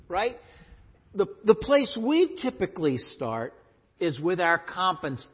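A male pastor preaching a sermon, animated and emphatic, often asking questions of his listeners. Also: high-pitched, slow, slightly rough. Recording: echoey hall, dull lo-fi sound.

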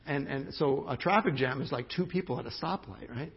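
A man's voice: mid-range voice, expressive, fairly quick, vocal fry, husky. A male pastor preaching a sermon, telling a story in a conversational way with emphatic restarts. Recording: dull lo-fi sermon recording.

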